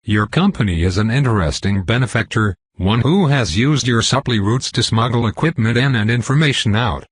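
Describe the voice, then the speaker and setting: A man reading the lines of a composed female vampire commander with a smooth voice and a faint Southern accent, calm and condescending. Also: medium pitch, moderate pace, few pauses, no room sound, clean studio sound. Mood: cool. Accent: faint American Southern.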